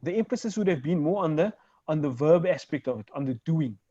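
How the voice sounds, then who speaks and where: A man's voice: on the high side, expressive, brisk, dark tone, no room sound. Patient male Arabic teacher on a call. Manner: patient, explains step by step, checks understanding. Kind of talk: online class teaching. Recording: dull, lo-fi video call audio.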